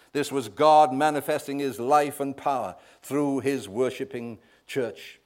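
A man preaching a sermon, swelling loud on key words and often asking the congregation "right?". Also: medium pitch, measured pace, hardly any pauses.

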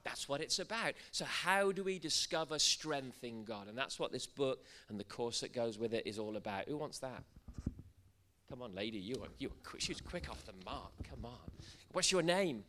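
A man's voice: mid-range voice, expressive, normal speed, sharp tone, slight background noise. A man from Wales preaching a church sermon, joking with the congregation and building to fervent proclamation. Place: church service in front of a congregation.

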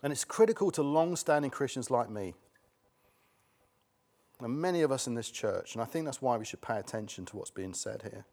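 A man's voice: mid-range voice, expressive, fairly quick, a little mellow. Emphatic middle-aged male preacher. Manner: emphatic, repeats key words for stress. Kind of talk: sermon.

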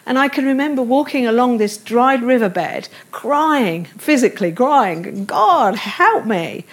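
A woman's voice: fairly high pitch, unhurried. A middle-aged woman preaching a sermon, earnest and tender as she reads and explains scripture.

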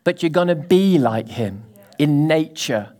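A man preaching a sermon to a congregation, animated and full of sudden rises and drops, often asking the listeners questions. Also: on the high side, measured pace. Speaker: pastor.

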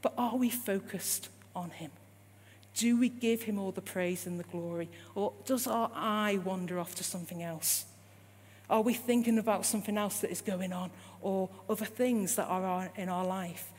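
In a church hall, a woman preaches a sermon in a medium-pitched, darkish, slightly rough voice with fairly even intonation and moderate pace. She repeats her points emphatically and poses rising rhetorical questions to the congregation, with long hall reverb and a faint hum.

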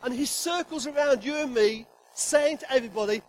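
A middle-aged man preaching in a church hall, his voice unusually high for a man. He jokes with the congregation and swings between loud emphatic declarations and soft whispers. A faint hum of room noise sits behind him. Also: brisk. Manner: humorous, emphatic, acts out God's voice. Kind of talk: sermon.

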